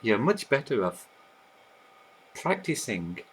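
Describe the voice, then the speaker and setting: A man teaching about language learning, explaining in a lively, animated way while sketching on a board. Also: mid-range voice, slow pace, breathy edge, rough recording. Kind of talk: explanatory video talk.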